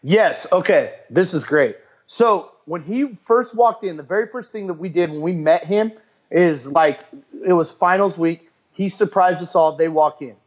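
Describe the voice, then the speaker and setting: A man talking as a guest on a podcast about coaching clients, in an animated, rambling way that often repeats words. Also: high-pitched, a little slow, highs cut off. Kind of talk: casual interview chat.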